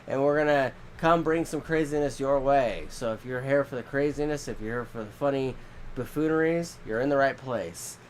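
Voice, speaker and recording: A man with a mild head cold co-hosts a laid-back podcast. He rambles through anecdotes, sitting at an ordinary mid pitch. There is a faint hiss and room ambience behind him. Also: normal speed. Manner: rambling storytelling, acts out quotes in squeaky voices. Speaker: podcast co-host. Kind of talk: casual chat.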